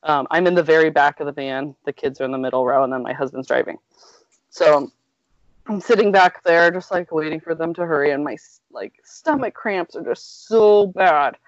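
A woman's voice: sits low, normal speed, no echo. A woman in her thirties telling a story in casual chat, talkative and laughing through her words with lots of "like". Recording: dull lo-fi dry recording.

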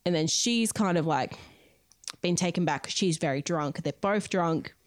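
Woman podcast host, slightly low voice, dry close sound, casual storyteller. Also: normal speed, no echo. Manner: chatty, many fillers, recounting events. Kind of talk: casual true-crime storytelling.

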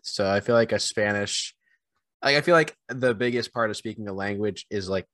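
A man co-hosting a casual podcast, rambling in a self-deprecating way with animated bursts. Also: lowish voice, normal speed, no echo. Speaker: podcast co-host.

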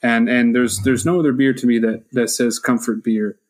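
A man's voice: mid-range voice, level tone, moderate pace. A man co-hosting a laid-back movie podcast with a voice in an ordinary middle register. He talks in loose, casual chat and slips into profane, mock-exasperated rants. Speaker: podcast co-host.

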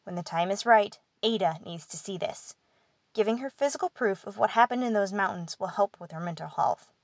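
A woman's voice: medium pitch, brisk, no room sound, lightly acted. A woman voicing a small, hot-tempered male pixie who scolds and curses. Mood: earnest. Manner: angry, scolding, cursing.

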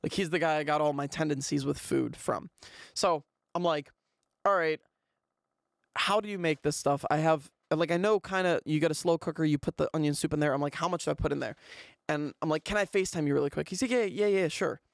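Young dude rambling on his podcast, lots of "like", raspy edge, dead dry sound. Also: on the high side, fast, no echo. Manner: rambling, animated, heavy on "like". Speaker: podcast host. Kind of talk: casual storytelling monologue.

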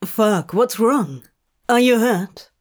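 A woman reading the lines of a blunt, swearing man in a slow, curt drawl. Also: a little high, expressive. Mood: alarmed.

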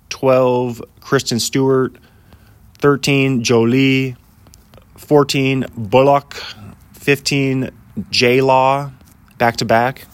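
A man in his thirties hosts a casual solo podcast outside in the snow, rambling and chatting, laughing often and saying "dude" a lot. His voice is medium-pitched.

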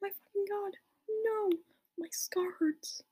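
A woman voicing a moody gothic young male vampire wizard in whispered role-play, speaking in a soft, mopey way. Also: high-pitched, monotone, fast talker, close to an everyday voice. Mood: anguished.

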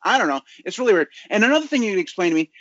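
Brief: male podcast co-host, higher voice, wry and stammering, dry dull recording. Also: big pitch swings, very fast, a bit bright, no echo. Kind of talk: casual chat.

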